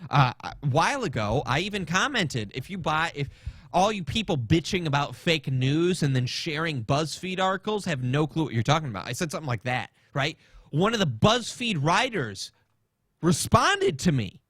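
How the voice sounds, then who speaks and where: A man's voice: a little high, very animated, normal speed, fairly bright tone, no room sound. A man hosting a podcast, telling a rambling story in a casual, swearing rant. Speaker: podcast host.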